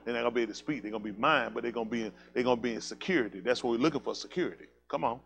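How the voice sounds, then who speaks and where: A male pastor delivering a fiery sermon at a rapid clip, his speech tumbling out quickly. He talks colloquially and emphatically, hammering home points with repeated calls to listen. He keeps throwing rhetorical questions at his congregation. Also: mid-range voice, creaky, a bit bright.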